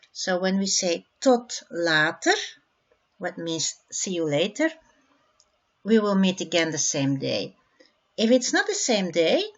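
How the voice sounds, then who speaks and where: A Flemish woman from Belgium teaches a beginner language lesson at an unhurried pace, saying each phrase twice for her learners. Her voice sits in a middle register, and the recording has a slightly dull, lo-fi sound. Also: mid-range voice. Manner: slow, repeats phrases for learners.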